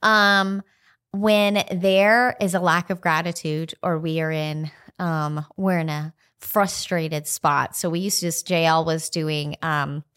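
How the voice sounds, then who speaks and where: A woman co-hosting a casual faith podcast, telling a family story in a candid, warm way. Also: deep voice, steady tone, slow, smooth. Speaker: podcast co-host.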